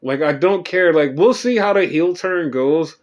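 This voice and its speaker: A man hosting a podcast, recapping wrestling shows in a rambling, profane and animated way. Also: on the high side, measured pace, dull audio. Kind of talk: casual chat.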